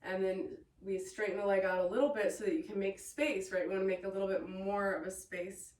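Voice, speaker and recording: A woman teaching a yoga class, giving calm, encouraging cues with playful asides. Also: medium pitch, fairly quick. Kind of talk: guided yoga class instruction. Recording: echoey room, voice from a distance.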